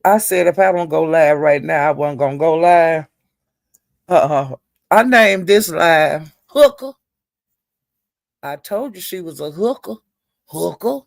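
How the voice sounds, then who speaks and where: Slow, gravelly woman gossiping on a livestream. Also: low-pitched, dry recording, clean studio sound. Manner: chatty, animated retelling of an online feud, calls listeners "child". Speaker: livestream host.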